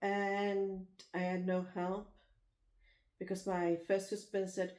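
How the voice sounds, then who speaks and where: A woman's voice: mid-range voice, monotone, slow, darkish tone. A woman from Liverpool with a Liverpool accent, telling frank, rambling stories about her life in casual chat. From Liverpool, England. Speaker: vlogger. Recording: roomy echo.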